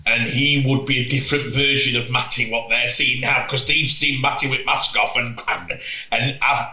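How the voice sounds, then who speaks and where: A man's voice: medium pitch, brisk, roomy sound, poor audio. A man telling stories in casual podcast chat, acting out quotes. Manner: animated storytelling with acted-out quotes.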